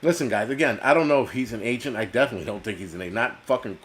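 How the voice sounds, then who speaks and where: A man's voice: medium pitch, rapid-fire, a bit bright. A man hosting a live stream, ranting casually and bluntly with a lot of swearing and reading out viewer comments. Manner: profane, blunt, reads chat aloud. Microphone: computer mic on a video call.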